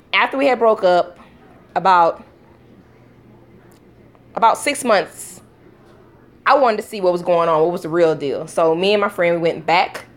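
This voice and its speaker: A woman casually telling a storytime vlog at home, acting out quotes with sudden pitch jumps and breaking off to talk to her young children. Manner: talks to her toddlers between story bits. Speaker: vlogger.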